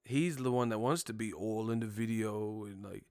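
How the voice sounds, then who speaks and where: A man's voice: lowish voice, moderate pace, smooth, no echo, studio quality. A young man hosting a boxing live stream, ranting casually and profanely and slipping into impressions of the people he talks about. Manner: animated, profane, mimics others mid-rant. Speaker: boxing show host.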